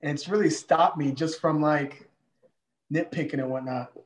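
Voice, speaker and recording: A man being interviewed on a casual video call, relaxed and rambling, trailing off at times. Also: fairly high pitch, normal speed, roomy sound. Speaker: guest.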